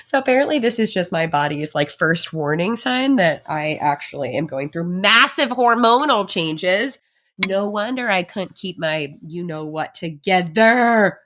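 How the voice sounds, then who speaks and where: A woman in her thirties tells a personal story on her podcast, candid and animated. Her voice sits a little low for a woman, and she laughs often as she speeds up and slows down. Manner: candid and animated, laughs often, pace swings from rushed to slow. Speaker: podcast host.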